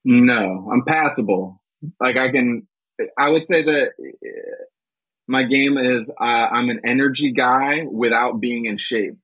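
A man, a comedian and actor, talking in a relaxed, self-deprecating way as an interview guest. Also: medium pitch, husky, no echo, highs cut off. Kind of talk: casual interview.

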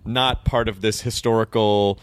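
An American man hosting an interview, casual and halting, often restarting his sentences. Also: on the low side, fairly even intonation, smooth, no echo. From United States. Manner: halting, with stammered restarts and laughs. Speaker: interview host.

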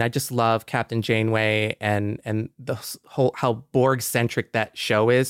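A man co-hosts a podcast as an enthusiastic fan. His voice is smooth and clear. The recording is close and dry. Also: mid-range voice, dry recording. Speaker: podcast co-host. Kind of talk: casual podcast chat.

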